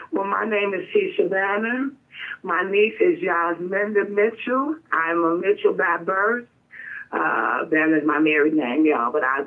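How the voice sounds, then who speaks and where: A woman calling in by phone as a guest, speaking in an emotional, emphatic way. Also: lowish voice. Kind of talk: phone-in testimony. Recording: tinny phone line.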